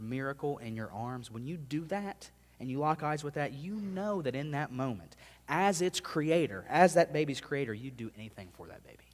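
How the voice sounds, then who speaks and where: Male youth minister, 30s, delivering an earnest sermon with hushed pleas; average pitch, reverberant sanctuary. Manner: earnest, swings from loud emphasis to hushed, near-whispered pleas. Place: church sanctuary.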